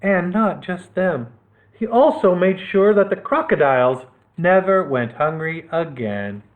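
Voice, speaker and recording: Reading a kids' adventure story for storytime, this male librarian speaks in a high-pitched voice with lively intonation and takes his time, full of dramatic expression. It's captured with tinny, phone-style sound.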